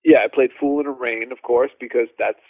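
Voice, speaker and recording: A male drummer telling animated stories as a podcast guest, with lots of fillers and restarts. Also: medium pitch, a little fast, dry recording. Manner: animated, laughing storyteller, many fillers. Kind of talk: casual storytelling interview. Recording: dry phone-like line.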